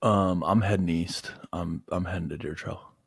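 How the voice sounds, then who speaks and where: A man co-hosting a podcast, speaking in a measured, deliberate, dry way in casual banter. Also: low voice, steady tone, gravelly, husky, no room sound. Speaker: podcast co-host.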